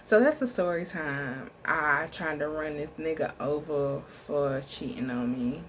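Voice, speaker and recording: Profane, animated young woman telling a story. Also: deep voice, a little slow, a little hiss or hum. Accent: Southern US. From Texas, USA. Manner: animated, profane, addresses viewer as "girl". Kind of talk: casual storytime vlog. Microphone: phone.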